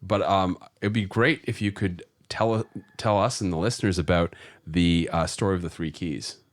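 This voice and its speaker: A man hosting a podcast, gently prompting his guest and affirming what he says. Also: low-pitched, steady tone, moderate pace. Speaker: podcast host. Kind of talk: casual interview chat.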